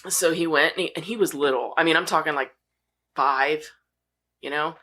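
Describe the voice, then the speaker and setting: A woman's voice: sits low, normal speed, fairly bright tone. A woman co-hosting a casual podcast chat, teasing the others and giggling while she tells a family story.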